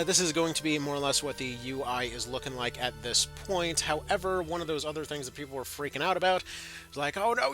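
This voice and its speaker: A man with a bright, somewhat high voice hosts a casual gaming commentary. He rambles, restarts often and drops dry, sardonic asides. Soft music sits faintly behind him. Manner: rambling, filler-heavy, sardonic. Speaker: gaming video host.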